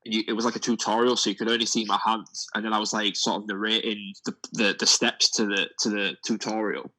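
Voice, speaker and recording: A young man telling a story in casual chat, in a quick, offhand way. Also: lowish voice, flat delivery, bright, forceful tone, low-quality recording. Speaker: discussion guest. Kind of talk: casual anecdote.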